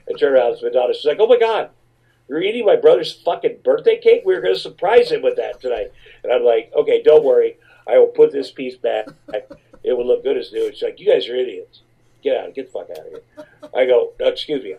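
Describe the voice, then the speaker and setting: A man's voice: medium pitch, husky, highs cut off. A man telling a rambling, profane comic anecdote, often repeating his words as he goes. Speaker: storyteller.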